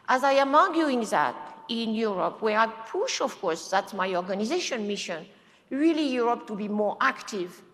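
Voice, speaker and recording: A woman speaking on a conference panel, impassioned, with halting non-native phrasing. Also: fairly high pitch, fairly bright tone. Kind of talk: panel discussion. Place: conference hall. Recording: long hall reverb.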